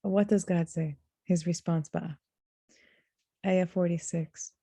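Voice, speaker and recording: A woman giving a reflective religious lesson, speaking earnestly, slowing down to stress key words and reciting short Arabic verses. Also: on the low side, fairly even intonation, dark tone, dry recording. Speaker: Quran teacher.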